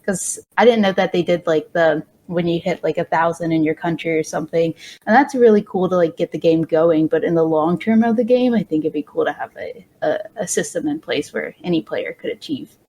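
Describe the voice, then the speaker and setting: Low, mellow-toned woman thinking aloud. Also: a little fast, slight background noise. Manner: thinking aloud, filler-heavy. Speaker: panel guest. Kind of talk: casual podcast panel chat.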